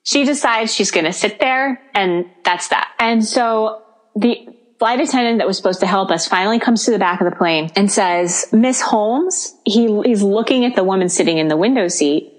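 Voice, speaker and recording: In casual podcast chat, a female co-host with a mid-range voice and moderate pace tells a story animatedly. She plays the people involved, acting out their dialogue, and often breaks into laughter.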